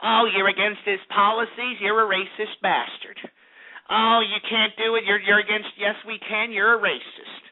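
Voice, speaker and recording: A whiny, self-righteous accuser hurling blame, as a man mocks them in a higher, sing-song tone. The audio is narrow and tinny, like a phone call. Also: flat delivery, normal speed. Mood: mocking.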